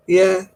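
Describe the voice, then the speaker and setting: A husky-voiced woman in her fifties hosts a relaxed craft stream. She chats freely with her viewers, full of laughs and homely exclamations. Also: fairly high pitch, poor audio. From northern England. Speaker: craft livestream host. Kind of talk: casual chat with viewers.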